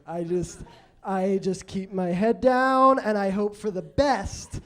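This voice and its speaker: A man telling stories in a stand-up set on a comedy club stage, halting and self-deprecating, with many restarts. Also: high-pitched. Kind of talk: stand-up storytelling.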